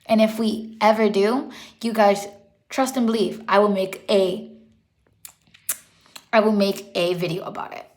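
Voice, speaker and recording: A woman's voice: medium pitch, steady tone, a little slow, long pauses, darkish tone. A young woman talking casually in a vlog, earnest and rambling, correcting herself as she goes, emotional and holding back tears. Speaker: pet vlogger.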